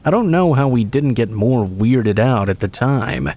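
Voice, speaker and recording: A man's voice: mid-range voice, expressive, unhurried, a little mellow. A man hosting a channel, reading true scary stories aloud in a casual, friendly delivery. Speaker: host and story narrator.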